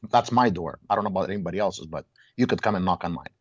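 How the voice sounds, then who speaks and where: A man's voice: sits low, racing, no echo, lo-fi sound. A man talking as a guest in a heated casual conversation, telling stories emphatically and restarting his words often. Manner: animated storyteller, repeats and restarts words, exclaims.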